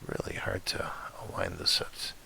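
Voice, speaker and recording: A man whose voice keeps cutting in and out, walking through software step by step in a relaxed, chatty way as he records his screen. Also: normal speed, a little hiss or hum. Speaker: astrophotography tutorial maker.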